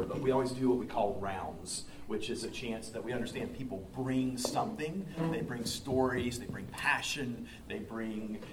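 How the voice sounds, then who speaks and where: A man's voice: medium pitch, a little mellow, roomy sound, distant mic, a little hiss or hum, poor audio. A man in his fifties from the Southern United States, a pastor speaking to a congregation in a folksy, engaging way. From Southern US, North Carolina. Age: 50s. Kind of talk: talk to a congregation. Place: church sanctuary.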